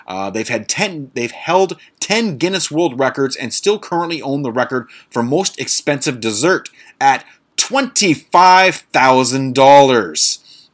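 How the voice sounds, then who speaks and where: A man's voice: fairly high pitch, lively intonation, measured pace, hardly any pauses, fairly bright tone. Blunt, sarcastic podcast guy who swears. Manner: blunt, sarcastic, swears freely, stumbles over fancy words. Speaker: podcast host. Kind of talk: casual monologue podcast.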